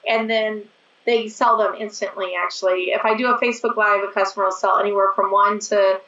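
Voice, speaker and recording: Brief: hoarse, raspy woman guest in her 40s, bright voice, chatty and quick, distant dull mic in a roomy space. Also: medium pitch, fairly even intonation. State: hoarse from overuse. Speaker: guest, business owner. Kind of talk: casual interview chat. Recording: echoey, distant, dull sound.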